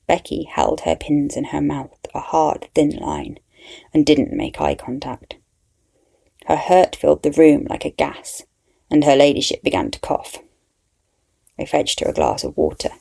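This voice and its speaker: A woman's voice: sits low, creaky, mellow, breathy edge. A woman narrating a story in the first person with a wry, dry manner.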